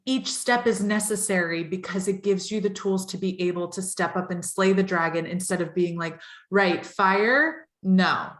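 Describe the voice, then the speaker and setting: A woman's voice: lowish voice, steady tone, moderate pace, few pauses. A woman speaking as a tarot reader guest, earnest and flowing in long reflective sentences. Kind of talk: spiritual podcast conversation. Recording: echoey room sound.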